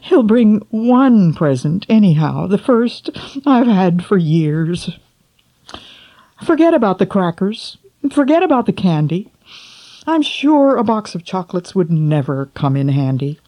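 A woman's voice: medium pitch, big pitch swings, a little slow, mellow. A woman doing a lonely, pleading old king. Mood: eager. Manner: childlike, wishful listing of wants.

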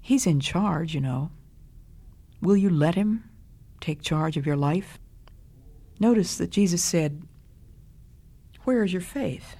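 A woman's voice: fairly low pitch, expressive, slow pace, pauses often, mellow. An older woman giving a radio devotional talk, earnest and conversational, asking listeners direct questions. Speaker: radio Bible teacher.

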